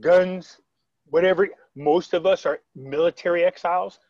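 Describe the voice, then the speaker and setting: A man's voice: high voice, steady tone, normal speed, a little mellow, no echo, muffled recording. A man telling a story on a video call in a casual, rambling way, retelling quotes with frequent restarts. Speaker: interviewee.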